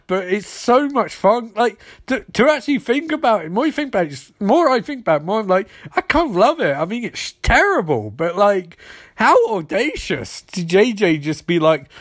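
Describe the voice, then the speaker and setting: A high, lively male voice swinging wildly between highs and lows as he rants profanely about a film, mocking its characters as he goes. The sound is dry and close, with no room around it. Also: dry recording. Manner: animated, sweary, mocking voices for quoted characters. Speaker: film reviewer. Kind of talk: profane ranting movie review.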